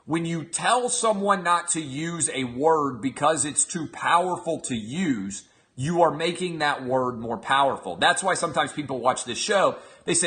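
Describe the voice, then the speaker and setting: Slightly high and a bit bright, this thirty-something show host speaks at a moderate pace with lively intonation. His monologue is emphatic and full of opinions, and he often asks the audience "all right?"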